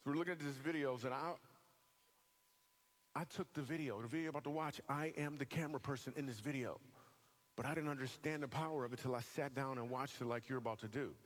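A man preaching to a live church crowd, swinging between quick, playful punchlines and slower, earnest appeals. His voice sits in a middle pitch and stays conversational even when he jokes. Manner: animated storyteller, bursts of quick delivery and joking asides. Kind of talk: sermon with humorous stories. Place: church auditorium, live audience.

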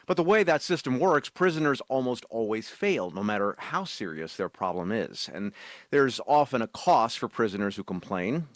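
A man hosting a morning news program, introducing a report with an expressive delivery. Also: mid-range voice, no room sound, clean studio sound. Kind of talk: news anchoring.

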